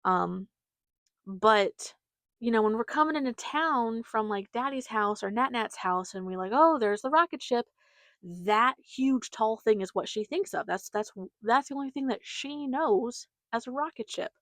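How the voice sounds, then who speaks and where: This young woman's voice is on the high side and a bit bright, and she speaks a little slowly. Hosting her podcast solo, she chats casually with lots of fillers and giggles; no room sound is audible.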